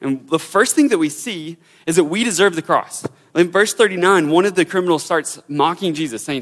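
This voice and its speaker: A man's voice: fairly high pitch, brisk, few pauses, fairly bright tone. A young man teaching a Bible passage in a casual, informal way, full of fillers and restarts.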